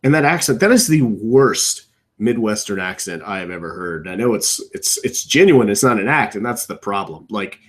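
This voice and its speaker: A young man with a lowish voice talks off the cuff from his home computer, in a loose, rambling chat. He is opinionated and jumps up in pitch when something annoys him, then lets each thought sink back down and fade at its end. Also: expressive, moderate pace, a bit bright. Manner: opinionated, rambling, trailing off low at ends of thoughts. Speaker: podcast co-host. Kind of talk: casual wrestling riff commentary.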